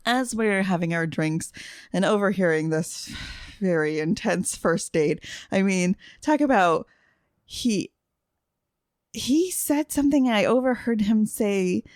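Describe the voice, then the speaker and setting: A woman's voice: mid-range voice, expressive, takes it slowly, a little mellow, no echo. Brief: talkative woman, storyteller, lots of fillers, dry close sound. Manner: chatty storyteller, laughs often, many fillers. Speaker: podcast guest. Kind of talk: casual chat.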